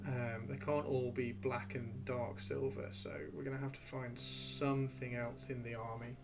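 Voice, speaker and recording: Over music, a man with a medium-pitched voice talks at a moderate pace in a flat delivery. He's hosting a livestream, casually chatting as he games and browses, rambling to himself with an occasional swear.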